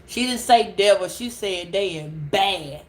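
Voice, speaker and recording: A woman telling a story casually to camera, animated and laughing, repeating words as she goes. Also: medium pitch, measured pace. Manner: animated, laughing, repeats words, calls listeners girl and child. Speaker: tarot reader.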